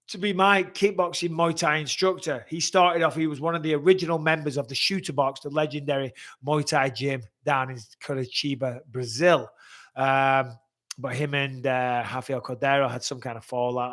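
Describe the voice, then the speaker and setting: A man in his forties hosting a casual live-stream Q&A, reading out viewer questions and answering them bluntly, chatty and quick to swear. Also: medium pitch, pushed and bright. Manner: blunt, chatty, swears freely, repeats himself.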